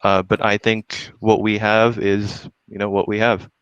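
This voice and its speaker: Smooth, low-voiced hesitant man. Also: little pitch movement, a bit bright, no echo, lo-fi sound. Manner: hesitant, measured, many fillers. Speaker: debate guest. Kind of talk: live online debate.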